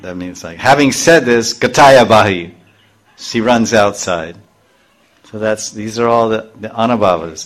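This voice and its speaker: A middle-aged man giving a scripture class to a live group, explaining verses line by line and briefly acting out the characters' voices. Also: lowish voice. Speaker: spiritual teacher.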